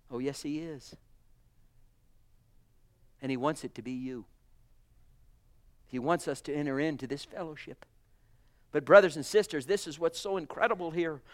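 A man preaching a sermon to his church. He is fervent, moving between soft, hushed lines and loud, emphatic calls, and keeps addressing the congregation as brothers and sisters. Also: high-pitched.

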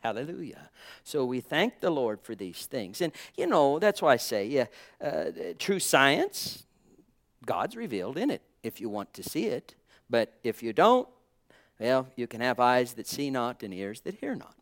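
A male preacher with a mid-pitched voice delivers a sermon. He shifts between ringing exclamations and soft, halting reflection full of small pauses. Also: very animated. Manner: fervent, swings between loud exclamations and quiet reflection; halting, with frequent uh and um.

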